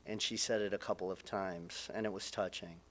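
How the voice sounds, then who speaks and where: A middle-aged man with a lowish voice delivers a eulogy in a funeral chapel. He speaks haltingly, restarting phrases and pausing often, and his voice catches with emotion. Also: steady tone, a little hiss or hum. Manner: halting, with frequent restarts and pauses. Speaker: son giving a eulogy.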